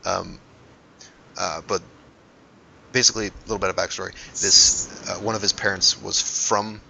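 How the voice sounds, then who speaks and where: Low gravelly game master man. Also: little pitch movement, moderate pace, sharp tone, slight background noise. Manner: rambling, filler-heavy narration. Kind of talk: narrating a tabletop game. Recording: dull lo-fi recording.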